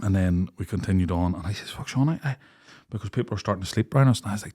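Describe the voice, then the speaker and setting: A man's voice: deep voice, quick pace. A young man, co-hosting a podcast, telling a story in casual chat and acting out the voices of the people in it. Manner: animated storyteller, acts out quoted voices, laughs often. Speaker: podcast co-host.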